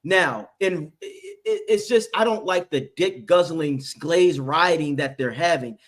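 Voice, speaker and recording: A man's voice: on the high side, expressive, unhurried, fairly bright tone. A man hosting a sports reaction stream, ranting with fired-up, profane energy. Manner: fired up, profane, ranting, mocks people in put-on voices. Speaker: host. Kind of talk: heated sports reaction chat.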